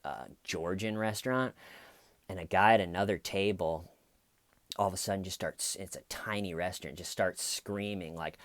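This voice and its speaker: Low-voiced man rambling through a story. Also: moderate pace, fairly bright tone, no echo. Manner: rambling, filler-heavy. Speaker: stand-up comedian and vlogger. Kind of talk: casual storytelling vlog.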